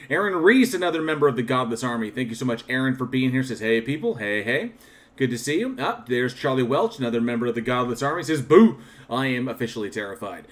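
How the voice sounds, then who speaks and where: A man's voice: medium pitch, fairly bright tone. Chatty man greeting his live chat. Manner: chatty, thanks viewers one by one, frequent restarts; reflective and candid about his channel. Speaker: livestream host. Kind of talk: casual live-chat shoutouts.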